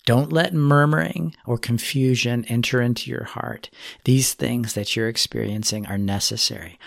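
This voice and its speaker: Man preaching a sermon, gravelly voice, dry close sound, earnest and measured. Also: mid-range voice, dry recording. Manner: earnest, measured, pleading exhortation.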